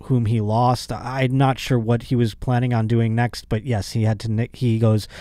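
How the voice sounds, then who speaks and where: A male podcast host talking in a loose, joking monologue. He rambles, restarts and drops sarcastic asides. His voice sits at an ordinary pitch, recorded dry and close. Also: flat delivery, moderate pace, mellow, dry recording. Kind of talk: casual comedic monologue.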